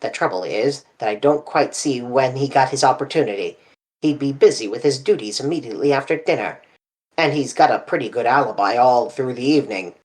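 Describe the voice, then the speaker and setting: Reader playing a brisk male police inspector, matter-of-fact, businesslike, slightly lower pitch. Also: a little mellow, lightly acted, low-quality recording.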